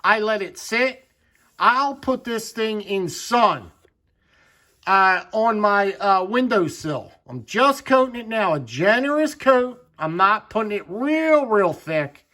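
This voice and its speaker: A man's voice: high voice, expressive, takes it slowly, bright, forceful tone. A man hosting a hands-on demonstration in a folksy, chatty way, often repeating words for emphasis. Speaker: knife channel host.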